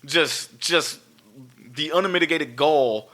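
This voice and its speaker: Man, podcast co-host, casual chat, animated, heavy swearing, bright forceful voice. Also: on the high side, takes it slowly.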